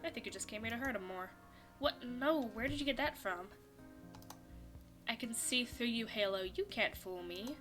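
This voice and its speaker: A woman's voice: on the high side, expressive, fairly bright tone, soft background music. Woman reading as a cold, furious young woman. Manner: harsh, accusing, slow and threatening.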